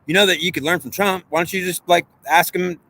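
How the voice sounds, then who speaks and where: A man rambles through a loose monologue, arguing with himself as his thoughts tumble out. His voice sits somewhat high and bright with a sharp, forceful edge. He talks at a quick clip. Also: fairly even intonation. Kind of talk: unscripted monologue; guided visualization.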